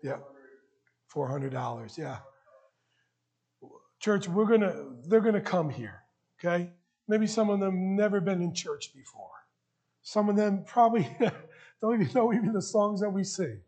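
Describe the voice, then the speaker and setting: A pastor with a high, light voice delivers a heartfelt sermon from the pulpit of a church. He speaks earnestly and emotionally, pressing his congregation with emphatic repeated questions. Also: expressive, unhurried, long pauses, a little mellow. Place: church sanctuary.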